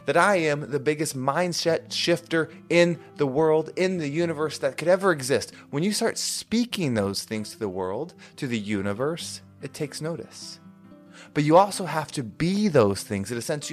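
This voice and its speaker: Earnest man with music beneath. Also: a little high. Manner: earnest, repetitive, emphatic. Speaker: podcast host. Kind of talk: motivational monologue. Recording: faint music underneath.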